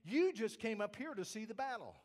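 A man's voice: high voice, expressive, a little fast, a little mellow, pitched below the performer's own voice. A preacher acting out an angry older brother who scolds and accuses his younger sibling during a sermon. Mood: scolding. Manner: accusing, demanding.

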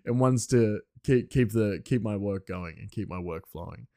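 A man's voice: on the low side, normal speed, mellow, no room sound, studio quality. Rambling man, casual chat. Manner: rambling, chatty, laughs often. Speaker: podcaster.

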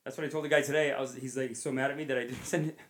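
A man's voice: mid-range voice, flat delivery, rapid-fire. A man hosting a comedy podcast, talking in a rambling, self-deprecating, jokey way. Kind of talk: casual podcast monologue.

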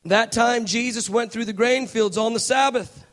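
A man preaching a sermon with passion, moving between hushed, near-whispered lines and loud shouting. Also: very high voice, normal speed.

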